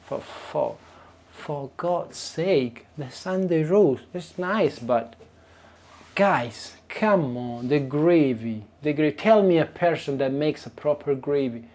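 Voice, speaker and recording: Italian man, native speaker, vlogging from his kitchen to a tripod camera; mellow, warm tone, exasperated rant with frequent restarts. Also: fairly high pitch, slow. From Italy. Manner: animated, exasperated, many restarts. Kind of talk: casual ranting vlog to camera. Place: home kitchen. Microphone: camera on small tripod.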